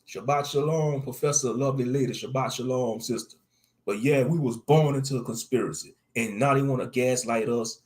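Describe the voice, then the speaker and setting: An online commentator with a medium-pitched, darkish voice speaks fairly quickly on a religious live stream. He reads scripture aloud, then riffs on it in slangy talk with a preachy edge, repeating lines for emphasis.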